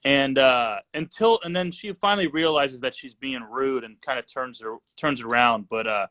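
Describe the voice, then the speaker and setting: A man co-hosting a casual horror movie chat, recapping the plot in a relaxed, slangy way. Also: mid-range voice, moderate pace. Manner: laid-back, lots of "bro" and "like", laughs easily. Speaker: horror movie discussion co-host. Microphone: live social video stream.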